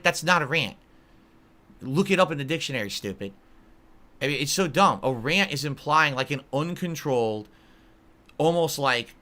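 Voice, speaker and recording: A man's voice: on the high side, bright, forceful tone. A man in his early forties answering live chat on a stream, blunt and easily irritated, calling viewers idiots. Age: 40s.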